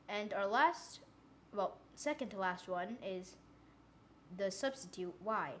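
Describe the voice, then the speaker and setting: A woman's voice: mid-range voice, lively intonation, measured pace, a bit bright. A young woman teaching a phonics lesson, saying example words one by one and asking the listener questions. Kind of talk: slow scripted phonics lesson.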